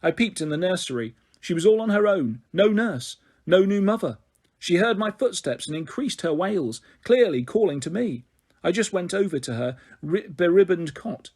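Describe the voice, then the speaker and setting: A man reading a children's novel aloud in an expressive storytelling manner. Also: sits high, moderate pace, breathy edge. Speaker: story reader.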